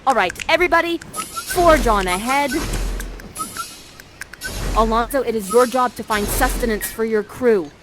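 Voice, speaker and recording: A woman's voice: a little high, wildly swooping pitch, unhurried, long pauses, over music. A woman narrating an interactive live stage show in a bubbly, playful manner while directing the audience.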